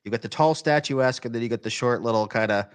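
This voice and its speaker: A man's voice: mid-range voice, fast, clean tone. A man chatting in a laid-back way on a podcast, often trailing off into asides. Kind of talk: casual chat.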